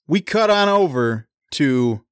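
A man's voice: fairly high pitch, lively intonation, takes it slowly, clear, resonant tone, no room sound, studio quality. A man co-hosting a casual recap chat, joking and laughing often.

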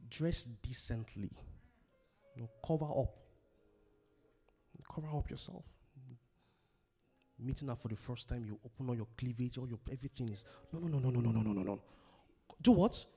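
A man's voice: mid-range voice, moderate pace, pauses often, warm tone. A middle-aged man from Africa preaching a sermon, repeating key phrases and asking questions for the congregation to answer. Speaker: pastor. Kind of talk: sermon on relationships.

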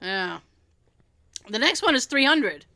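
A woman co-hosting a casual movie chat, animated, laughing often and swearing casually. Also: fairly high pitch, takes it slowly, vocal fry, no echo. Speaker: podcast co-host.

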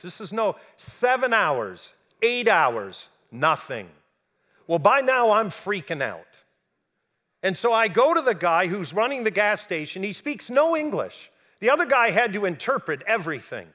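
A man telling a personal story to an audience, animated and acting out the people he quotes. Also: high voice, normal speed. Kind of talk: storytelling talk.

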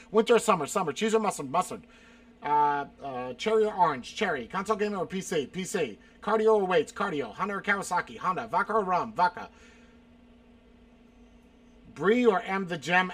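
High bright-voiced man, blunt and distant. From South Carolina. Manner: reads questions aloud and answers bluntly, swearing, exasperated outbursts. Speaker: streamer answering chat questions. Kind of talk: casual chat, rapid-fire this-or-that answers.

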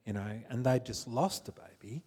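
A husky-voiced man recounts a personal story in a halting, rambling way, restarting his sentences often. It sounds like an unscripted testimony shared in church. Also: mid-range voice, a little mellow. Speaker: congregation member.

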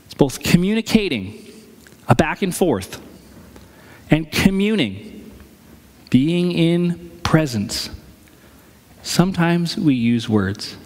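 A man's voice: fairly high pitch, very animated, slow pace, long pauses, darkish tone, long reverb tail. A man preaching a sermon as pastor in a church sanctuary, conversational and acting out the voices he quotes.

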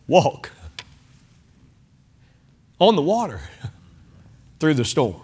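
A man's voice: mid-range voice, sing-song, unhurried, long pauses, a bit bright. A man preaching a sermon as pastor, reading scripture with emphasis, chuckling and turning to the congregation with asides. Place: church sanctuary.

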